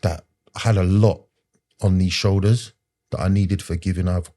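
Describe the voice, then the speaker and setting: A man tells his own story as a podcast guest. His voice sits low and mellow, and he talks in an earnest, rambling way. He is full of street slang and keeps repeating himself with "like" and "do you know". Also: fairly even intonation, moderate pace. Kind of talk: personal story in conversation.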